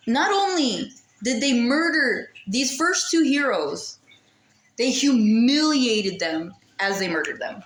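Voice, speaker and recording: A woman's voice: on the high side, reverberant. A woman ranting casually and sarcastically to a camera, exasperated and swearing freely. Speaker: vlogger. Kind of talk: casual rant.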